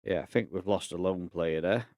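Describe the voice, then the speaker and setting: A man casually commentating on his management game, thinking aloud in a relaxed, chatty way. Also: sits low, moderate pace, dry recording, clean studio sound. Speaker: gaming YouTuber.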